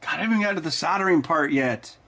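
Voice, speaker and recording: Chill stream guy messing with hardware, high lively voice, self-deprecating, slow easy pace. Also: slight background noise. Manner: self-deprecating, jokey, talks to his cat. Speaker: livestream host tinkering with electronics. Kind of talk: casual chat.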